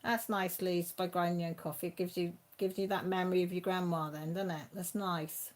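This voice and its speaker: A woman's voice: lowish voice, steady tone, a little fast. Chatty woman reading live chat. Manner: chatty, laughs often, answers viewers by name. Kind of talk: casual live-stream chat.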